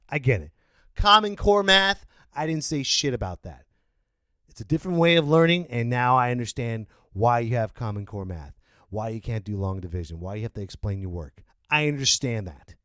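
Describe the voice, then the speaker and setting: A middle-aged man hosting a podcast, ranting incredulously and breaking into shouted outbursts. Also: mid-range voice, animated, moderate pace, dry recording. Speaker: podcast host. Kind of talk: ranting monologue.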